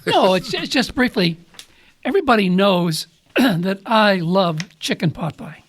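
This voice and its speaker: A man's voice: high voice, expressive, a little slow, fairly bright tone. A man hosting a podcast in a small studio, making playful announcements and thanking his team. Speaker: podcast host. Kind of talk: casual chat.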